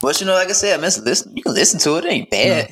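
A man's voice: on the high side, big pitch swings, very fast, fairly bright tone, breathy edge. A young man with a Southern US twang co-hosting a podcast, talking in a laid-back, blunt way. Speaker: podcast co-host. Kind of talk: casual chat.

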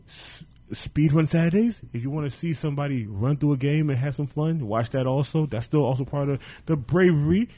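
A man's voice: a little high, mellow. A man hosting a casual podcast, plugging shows in a loose, joking, profane way. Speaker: podcast host. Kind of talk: casual podcast chat with show plugs.

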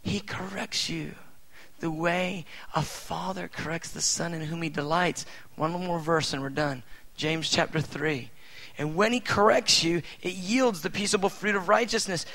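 A middle-aged man preaching with a high, keen voice. He talks casually, full of fillers, then swells into loud emphatic bursts before dropping to soft asides. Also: steady tone, a little slow, poor audio. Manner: conversational, with many fillers. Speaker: pastor. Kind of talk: sermon.

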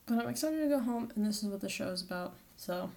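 A woman's voice: medium pitch, expressive, fast talker, gravelly, a little mellow. Chatty young woman rambling casually. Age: young adult. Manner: chatty, rambling, with many "like" fillers and self-corrections. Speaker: college student podcaster. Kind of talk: casual solo podcast monologue.

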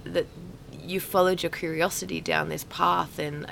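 A woman hosting a casual podcast interview, hoarse from a cold, with a husky voice and an effusive manner. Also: on the low side, steady tone, normal speed, a bit bright, slight background noise. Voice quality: husky, gravelly voice. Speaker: podcast host.

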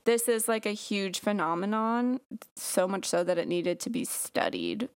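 A woman's voice: mid-range voice, huge pitch swings, a little slow, smooth. A woman hosting a casual podcast, chatty and giggly, rambling with many fillers. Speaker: podcast host. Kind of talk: casual chat.

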